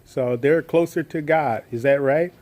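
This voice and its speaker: A man in a casual vlog, talking in a relaxed, rambling way with many fillers and restarts. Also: a little high, measured pace. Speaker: vlogger. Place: in Gambia, outdoors.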